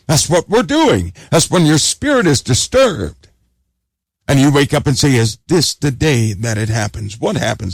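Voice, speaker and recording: Urgent, animated male preacher. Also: medium pitch, dry recording, clean studio sound. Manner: urgent and exhorting, repeats phrases for emphasis. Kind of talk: urgent sermon.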